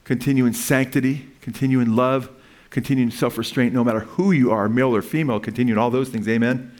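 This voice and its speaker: A man preaching a sermon as pastor, talking in a casual, conversational way and often checking in with "amen?". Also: medium pitch. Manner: conversational, tags lines with "amen?".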